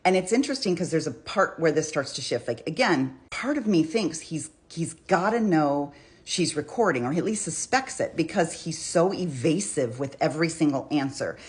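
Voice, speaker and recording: A woman talking casually about a criminal case, chatty and quick to restart her sentences. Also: low-pitched, lively intonation. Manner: chatty, restarts often, reads out quotes with feeling. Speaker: true crime commentator. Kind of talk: casual true crime commentary.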